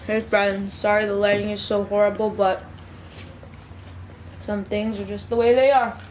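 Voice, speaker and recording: A woman's voice: medium pitch, level tone, normal speed, a little hiss or hum. A young woman chatting casually to her viewers in a rambling vlog. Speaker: vlogger.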